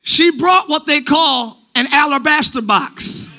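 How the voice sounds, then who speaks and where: A middle-aged man preaching a sermon as pastor in a church, shouting his points with animated emphasis. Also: very high voice, takes it slowly. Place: church sanctuary.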